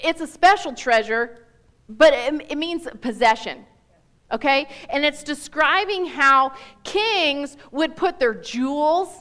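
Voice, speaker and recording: Animated high bright woman preaching. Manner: animated, emphatic, chatty with self-interruptions. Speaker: guest speaker. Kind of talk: church Bible teaching.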